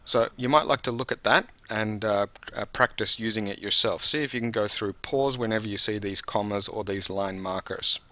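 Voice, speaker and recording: Male test-prep teacher, lowish bright voice, patient explainer, dry sound. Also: normal speed, few pauses, no echo. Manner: patient, explanatory, addresses the viewer directly. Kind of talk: instructional video lesson.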